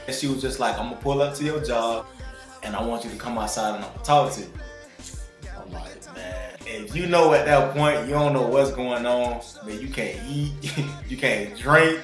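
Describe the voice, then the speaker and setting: A man's voice: mid-range voice, moderate pace. A man in his twenties telling a personal story to viewers in laid-back, slangy talk. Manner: laid-back slang, calls listeners bro. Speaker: vlogger. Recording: roomy echo with faint music.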